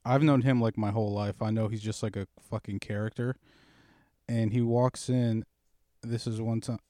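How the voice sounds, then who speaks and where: A man's voice: on the low side, fairly even intonation, moderate pace, mellow, no echo, clean studio sound. A man telling a story in a casual podcast chat, swearing freely and teasing his co-host.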